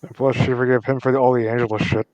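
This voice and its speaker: A man's voice: medium pitch, little pitch movement, fast talker, a little mellow, dry recording, lo-fi sound. A man casually chiming in with short remarks during a podcast chat.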